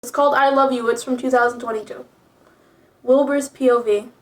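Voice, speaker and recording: High-voiced snarky young woman. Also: steady tone, brisk. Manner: profane, snarky asides. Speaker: video creator reading fanfiction. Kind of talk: casual reading with commentary.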